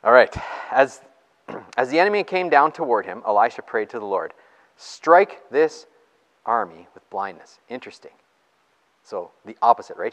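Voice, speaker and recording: In a church with a big-room sound, a pastor with a mid-range voice preaches and reads scripture aloud. He's excited and chatty, laughing between his points.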